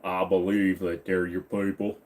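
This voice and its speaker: A simple, earnest Southern man from a film drags out every word in a slow, rolling drawl, as a man puts on the voice. It sits a little lower and quieter than the man's ordinary speech, with an unhurried, sincere, movie-quote delivery. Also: little pitch movement.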